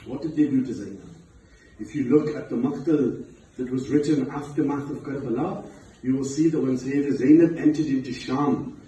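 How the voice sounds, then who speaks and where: A man preaching a mournful sermon, his voice fairly high yet mellow, rising into loud, impassioned stretches. He is recorded from a distance in a very echoey hall with faint room noise behind him. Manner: rises to loud impassioned pitch as he recounts. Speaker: speaker at a religious gathering. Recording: echoey hall, far from mic.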